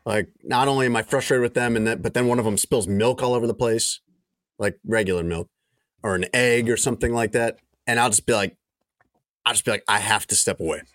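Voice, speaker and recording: A man's voice: medium pitch, fairly even intonation, brisk, a bit bright, dry recording. A middle-aged man hosts a podcast in casual chat, adding his own stories along the way. His voice sits in a plain middle range. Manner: relatable, chiming in with his own experience. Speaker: podcast host.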